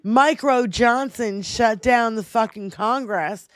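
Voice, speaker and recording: A woman hosting a political livestream talk show, profane and impassioned, sometimes shouting. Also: on the high side, slow, dry recording.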